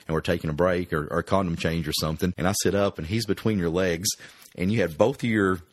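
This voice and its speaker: A man's voice: low-pitched, steady tone, fast, dry recording. A middle-aged man, co-hosting a podcast and telling crude stories bluntly in casual chat. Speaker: podcast co-host.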